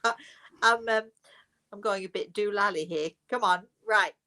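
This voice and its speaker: A woman's voice: mid-range voice, moderate pace, sharp tone. An older woman, hosting a live question-and-answer talk in a chatty, digressive way that trails into asides. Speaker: host, spiritual medium.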